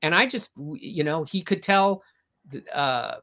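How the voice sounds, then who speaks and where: A man's voice: fairly high pitch, animated, a little slow. An older man, a comic artist guest, telling long anecdotes with frequent restarts in a casual interview. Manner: rambling, warm anecdotes with restarts.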